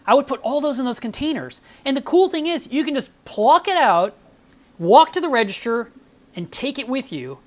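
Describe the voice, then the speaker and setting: A woman's voice: high-pitched, expressive, moderate pace. A woman hosting a live stream, chatting casually and telling stories with enthusiasm.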